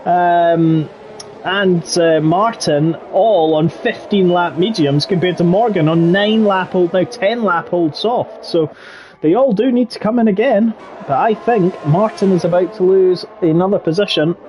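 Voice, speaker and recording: A man giving live commentary on a sim racing league, getting excitable when the battles get close. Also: high-pitched, measured pace, dull audio, slight background noise. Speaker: race commentator.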